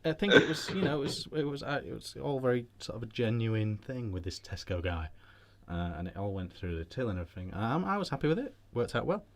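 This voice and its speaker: A man's voice: mid-range voice, sing-song, quick pace. A British man hosting a casual vape chat show, telling rambling anecdotes with many restarts.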